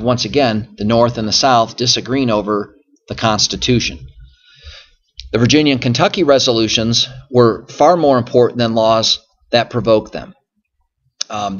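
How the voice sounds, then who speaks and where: In a lo-fi recording of a classroom lecture, a male history teacher talks through his slides in a mid-range voice. He's a patient explainer who keeps looping back with "so again" and "okay?".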